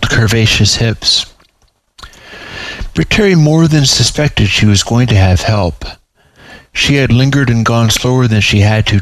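A man reading aloud his own story in a measured, even storytelling manner. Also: medium pitch, no echo, poor audio.

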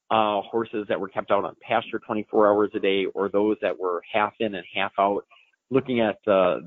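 A man's voice: lowish voice, dry recording. A man in his forties, an expert answering a listener's question on a live show, talking in a folksy, explanatory way with plenty of fillers. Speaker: equine science expert. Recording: dry, phone-like line.

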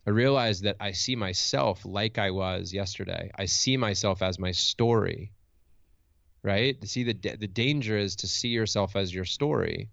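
A man's voice: lowish voice, normal speed, creaky, a bit bright, dry recording. A middle-aged man, a motivational speaker and coach, telling a personal story in conversation in a reflective, earnest way with frequent restarts, on a dull, dry lo-fi recording.

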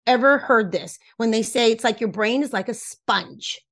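A woman whose first language is Spanish, a relationship coach explaining ideas in an interview, lively and emphatic, repeating points and laughing often. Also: on the high side, normal speed. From Cuba. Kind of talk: animated explanatory interview talk.

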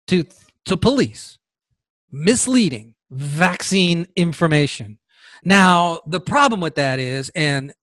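A man's voice: on the high side, fairly bright tone, slightly rough, no room sound. A man hosting a podcast, giving sarcastic, combative political commentary into a close mic. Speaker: podcast host.

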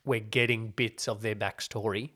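A man's voice: lowish voice, steady tone, moderate pace, sharp tone. Chatty man reviewing TV. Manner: chatty, explaining at length with wry asides. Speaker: podcast co-host. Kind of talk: casual chat reviewing TV shows.

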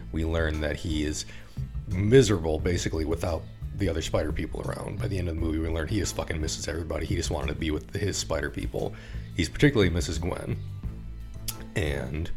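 A man co-hosting a movie review podcast, recapping a plot in a joking, profane, rambling way. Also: extremely low pitch. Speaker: podcast co-host. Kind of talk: casual movie review chat.

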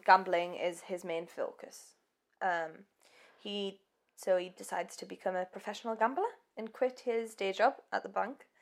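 A woman co-hosting a podcast recounts a case in relaxed, chatty conversation. She fills her pauses with ums and breaks into giggles at her own slips. Her pitch sits in an ordinary middle range. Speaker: podcast co-host. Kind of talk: casual true-crime chat.

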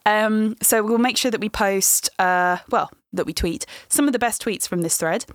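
A woman's voice: mid-range voice, moderate pace, dry recording, clean studio sound. A woman hosting a podcast in casual chat, playful and chatty, often breaking into laughs. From England. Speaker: podcast host.

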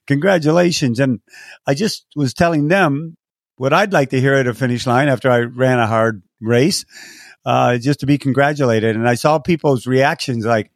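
A man's voice: mid-range voice, no room sound, clean studio sound. An older man from San Diego, a race announcer, telling stories in an interview and acting out quotes with a lifted voice. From San Diego, California. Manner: animated, acts out quotes with lifted voice. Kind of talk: storytelling interview answers.

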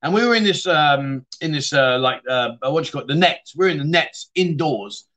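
A man's voice: fairly high pitch, lively intonation, fairly quick, fairly bright tone. A middle-aged man, hosting a casual livestream chat show, reading viewer comments and rambling into stories with matey banter. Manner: chatty, rambling storyteller with mates' banter.

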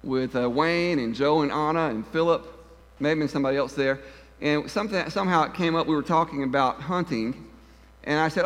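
A folksy man preaching from the pulpit, his voice sitting on the higher side for a man. He talks to the congregation like old friends, joking at his own expense and pressing down on the words that matter. A long church-hall reverb trails every phrase. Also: brisk. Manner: folksy and self-deprecating, with stressed words. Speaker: pastor. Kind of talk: conversational sermon. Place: church sanctuary.

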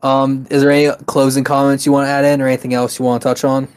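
A man's voice: medium pitch, monotone, fast, a little mellow, clean tone. A man co-hosting a podcast in casual chat, loose and joking with lots of fillers. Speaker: podcast co-host.

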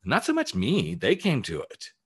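A man's voice: mid-range voice, wildly swooping pitch, moderate pace, a bit bright, slightly rough. A man who works as a life coach, giving a candid, emphatic motivational talk on his podcast and swearing casually as he goes.

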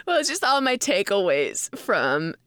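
A woman's voice: medium pitch, sing-song, unhurried, fairly bright tone, clean tone, dry recording, studio quality. A young adult woman co-hosting a podcast, telling a rambling story in casual chat with frequent laughs. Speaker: podcast co-host.

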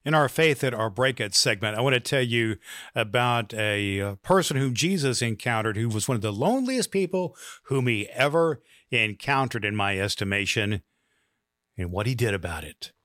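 A man hosting a podcast, earnestly encouraging listeners and telling a slow joke. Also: mid-range voice, lively intonation, fairly bright tone, no echo, clean studio sound. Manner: earnest, with fillers, slow storytelling. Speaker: podcast host.

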